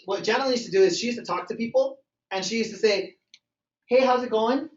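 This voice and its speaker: Heard from a distance in an echoey meeting room, a man with a high voice delivers a motivational sales training quickly and with energy. He acts out phone calls and dialogues for the live group, and the audio is muffled and dull.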